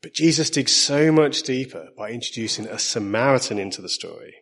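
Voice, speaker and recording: A man with an Essex accent giving a sermon, measured and earnest, slowing down to stress key lines. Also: medium pitch, expressive, a bit bright, slightly rough. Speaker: preacher.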